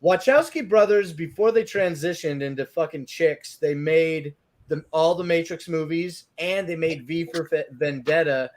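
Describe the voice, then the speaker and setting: Man, casual podcast chat, rambling, profane, a bit high-pitched. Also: measured pace, hardly any pauses. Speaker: podcast co-host.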